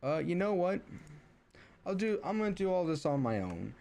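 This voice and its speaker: A man's voice: high voice, big pitch swings, moderate pace, vocal fry, a little mellow. A young man streaming, ranting casually about family, rambling with many restarts and fillers and rising when riled. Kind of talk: casual rant while streaming.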